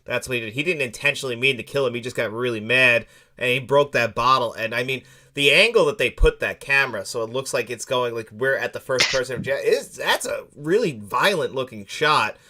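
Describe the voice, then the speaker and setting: A man's voice: mid-range voice, fairly quick, pushed and bright. A man co-hosting a film podcast, chatting casually with frequent laughs and lots of "like". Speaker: podcast co-host. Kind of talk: casual film review chat.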